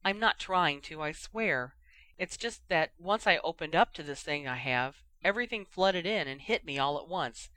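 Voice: mid-range voice, animated, normal speed, bright, forceful tone, no room sound. Ginny, an earnest, blunt young woman as a reader puts her on. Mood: pleading. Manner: pleading, direct.

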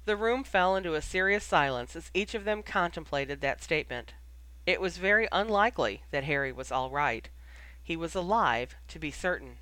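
Measured audiobook narrator, dry close sound. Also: medium pitch, animated, pushed and bright, no echo. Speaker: audiobook reader. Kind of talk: fan fiction audiobook narration.

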